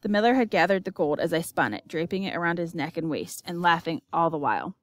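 A woman's voice: lowish voice, animated, fast talker, dry recording. Woman narrating an audiobook expressively.

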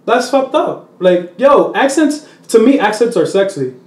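High-voiced bilingual comedian, animated. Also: male voice, measured pace, roomy sound. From Dominican Republic. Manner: switches between English and Spanish; animated, puts on voices while telling stories. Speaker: comedian guest. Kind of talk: casual interview chat.

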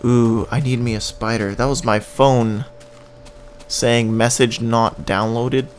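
A Canadian man talks his way through a video game in a loose, rambling commentary. His voice sits at an ordinary middle pitch, and he jokes and hums tunes between thoughts. Faint noise sits under the voice. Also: fairly even intonation, slow. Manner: rambling and joking, hums and scats tunes while playing. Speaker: gaming channel host. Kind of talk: casual gameplay commentary.

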